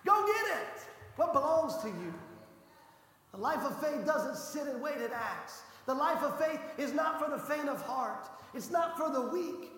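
A pastor preaching a passionate sermon, his voice rising to shouts for emphasis. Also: extremely high pitch, lively intonation, unhurried. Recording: echoey hall reverb.

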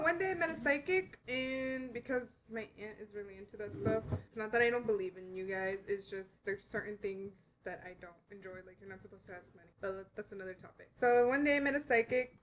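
A woman in casual podcast chat, earnestly telling a personal story at an unhurried pace. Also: a little high, fairly bright tone, a little hiss or hum, low-quality recording.

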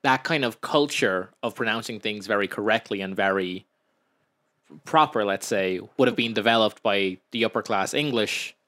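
A young Irish man chatting on a podcast in a lowish voice. He tells stories at length and drops into acted-out quotes. The talk is loose and casual. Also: pushed and bright. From Ireland. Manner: chatty storyteller, acts out quotes in raised voices. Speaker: podcast co-host. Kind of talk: casual chat.

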